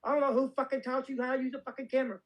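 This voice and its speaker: A tiny old woman producer with a cigar-hardened Hollywood bluntness, as a man puts her on. She cusses freely and lectures without softening it. The voice sits well above the man's own. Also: very high-pitched, flat delivery, very fast, muffled recording, voice pushed up. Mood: scolding. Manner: blunt, cussing, bossy.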